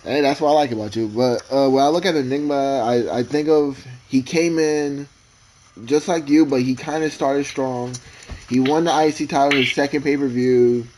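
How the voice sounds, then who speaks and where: Halting, emotional man on a podcast. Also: mid-range voice, steady tone, darkish tone, slight background noise, poor audio. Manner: rambling, emotional, halting restarts. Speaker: podcast co-host. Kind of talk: casual podcast chat.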